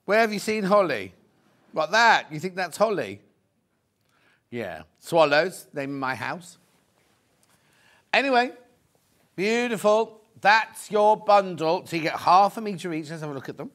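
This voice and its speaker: A man's voice: on the high side, very animated, a little slow, pauses often, fairly bright tone. A man presenting fabrics on a live shopping show, chatty and effusive, thinking aloud as he goes. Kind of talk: live product demonstration.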